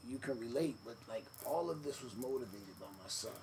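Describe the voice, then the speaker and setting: A man telling stories in a relaxed sit-down interview, with many fillers, acting out the quotes of others. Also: medium pitch, brisk. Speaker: podcast guest, former wrestler. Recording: noisy room ambience.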